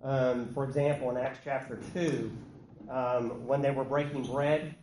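A man's voice: medium pitch, a little slow. A man leading a group Bible study, asking questions and calling on people to read. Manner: animated, calls on people, asks the group questions. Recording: echoey room with some background noise.

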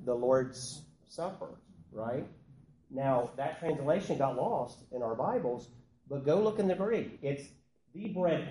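A man leading a group Bible study, asking questions and calling on people to read. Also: medium pitch. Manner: animated, calls on people, asks the group questions. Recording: echoey room with some background noise.

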